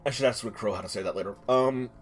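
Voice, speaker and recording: A man's voice: medium pitch, fast. A man running a tabletop game as game master, narrating scenes dramatically and asking players for rolls. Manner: dramatic, descriptive storytelling with frequent restarts.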